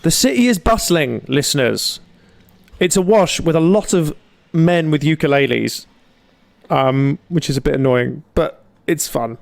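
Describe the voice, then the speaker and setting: A man co-hosting a comedy podcast, teasing his partner in quick, casual banter from a room at home. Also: a little high, expressive, creaky. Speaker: podcast co-host. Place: home room with window open.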